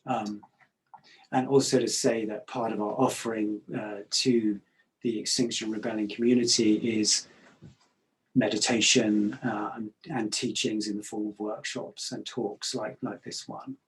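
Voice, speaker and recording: A middle-aged man giving a reflective talk, calm and measured, pausing often with hesitations. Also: lowish voice, poor audio.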